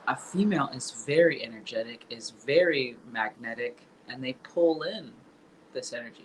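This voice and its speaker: A woman hosts a casual podcast chat and talks in rhetorical questions. Her pitch rises and falls a lot as she talks. A faint background noise sits under her voice. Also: poor audio. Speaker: podcast host.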